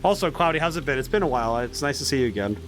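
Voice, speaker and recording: A man streaming a story game, chatting casually and thinking out loud in a rambling way. His voice sits at an ordinary pitch. Faint background music runs under his talk. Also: lively intonation, racing. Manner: rambling, musing aloud. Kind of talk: casual let's-play commentary.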